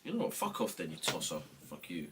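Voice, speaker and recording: A man's voice: low-pitched, wildly swooping pitch, a little fast, noisy background. A man hosting a trading livestream, chatting casually, bluntly and playfully, with lots of swearing.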